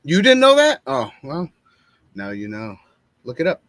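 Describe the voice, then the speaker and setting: A man's voice: on the high side, wildly swooping pitch, fairly bright tone, no echo. Guy cohosting a live stream, reads comments, trips on words, dry mic. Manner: halting, stumbles over names, reads comments aloud. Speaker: podcast co-host. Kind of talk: casual live-stream chat.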